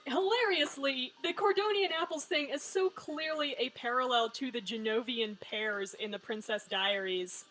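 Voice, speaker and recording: Woman streamer, higher pitch, sarcastic and swears freely, faint game music underneath. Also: moderate pace, few pauses, fairly bright tone, rough recording. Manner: wry, joking, swears freely. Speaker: streamer playing a story game. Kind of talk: casual live-stream commentary, reading game lines aloud.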